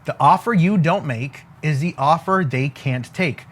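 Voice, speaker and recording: Fairly high-pitched and a bit bright, this man talks at a moderate pace with few pauses. He teaches business as a motivational coach, speaking forcefully, repeating stock phrases, and often checking "okay?" while drawing on a board.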